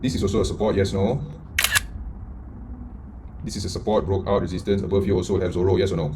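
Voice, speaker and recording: Man, trading mentor, quick, dark tone, blunt, profane, rhetorical questions, loud bursts and mutters. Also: deep voice, slight background noise. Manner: lively, swings between loud and muttered. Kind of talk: live trading lesson.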